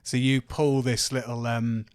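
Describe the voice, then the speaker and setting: A man runs a tabletop game, setting scenes in an easy, meandering voice. His pitch sits mid-range and the sound is dry and close. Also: a little slow, smooth, dry recording. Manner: relaxed, descriptive, with fillers. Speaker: dungeon master.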